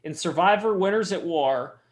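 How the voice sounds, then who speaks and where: Relaxed, self-deprecating man with a higher voice. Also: moderate pace. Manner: self-deprecating, relaxed, reads questions plainly. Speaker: guest quizmaster. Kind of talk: casual online trivia game.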